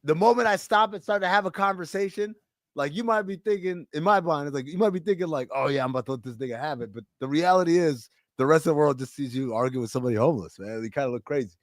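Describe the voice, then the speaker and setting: Podcast host, a man with a higher voice, telling animated stories in a dry room. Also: fast, dry recording. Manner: animated storytelling with acted-out quotes. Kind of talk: casual chat.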